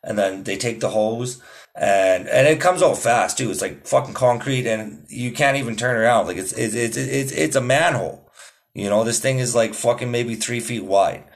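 A man's voice: mid-range voice, normal speed. A man hosting his own podcast in loose, rambling casual chat, swearing a lot and calling listeners "dude". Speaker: podcast host.

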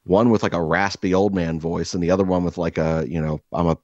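A deep-voiced man spins a crude comic story for his co-host, animated and rambling, full of filler words. The sound is dry and a bit dull, like a lo-fi room recording. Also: a little fast, dry recording. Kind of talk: casual comedic storytelling. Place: indoor room, seated across from co-host.

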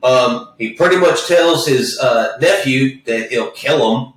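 A man's voice: mid-range voice, expressive, unhurried. A man chatting casually about movies, rambling and swearing with many false starts. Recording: echoey room, far from the mic.

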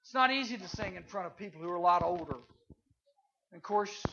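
A man, speaking at a chapel to junior high students in a folksy, animated storytelling sermon. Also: a little fast, gravelly. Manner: animated, folksy, acts out voices. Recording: slightly dull, faint hiss.

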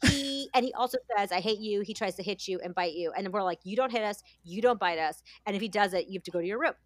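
A woman's voice: mid-range voice, fast talker, no echo. A woman in her thirties, chatting casually and telling candid, rambling stories with many fillers. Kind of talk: casual chat.

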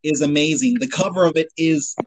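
A man on a casual podcast with a voice a bit higher than most men's. He jokes in an upbeat way and keeps the chat rolling. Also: fairly quick, crowd noise, rough recording. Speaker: podcast co-host.

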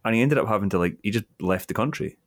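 Low-voiced Scottish man, casual podcast chat. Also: lively intonation, quick pace, dry recording. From Scotland. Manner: loose, joking, swears freely. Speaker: podcast co-host.

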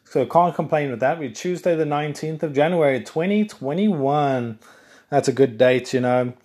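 At a normal speed, a talkative South African man runs his own podcast solo, drifting between subjects and frequently correcting himself. His voice is slightly higher than most men's, with occasional bursts of excitement.

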